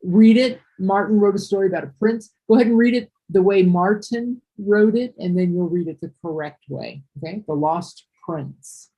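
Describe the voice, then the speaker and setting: A woman's voice: medium pitch, normal speed, hardly any pauses, slightly rough, muffled recording. A woman teaching English one-on-one, patiently correcting and explaining.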